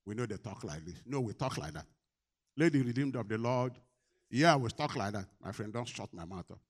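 A man preaching a sermon, asking the congregation questions and answering them, swinging between loud and quiet. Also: mid-range voice, lively intonation, a little fast, pauses often.

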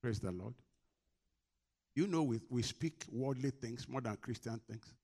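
A male preacher at mid pitch delivers a sermon with call-and-response questions. He swings from loud, urgent lines to quiet, low asides. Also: lively intonation, a little slow.

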